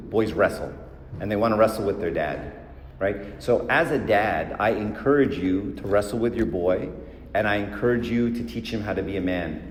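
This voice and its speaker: A man's voice: fairly low pitch, slight background noise. A man teaching couples in a live talk, conversational and emphatic, often checking in with "right?". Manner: conversational, keeps asking "right?"; gets heated and emphatic. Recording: echoey hall with faint ambience.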